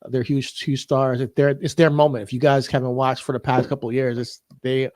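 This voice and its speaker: A man co-hosting a casual wrestling podcast, relaxed and sure of his opinions. He stretches words out when he makes a point. His mid-pitched voice is recorded dry and close. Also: brisk, dry recording. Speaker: podcast co-host.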